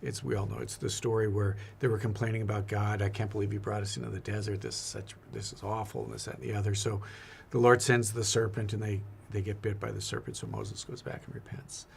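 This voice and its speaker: Gravelly, earnest priest. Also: male voice, lowish voice, flat delivery, quick pace, few pauses, slight background noise. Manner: earnest, reflective, repeats words often. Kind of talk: casual faith conversation.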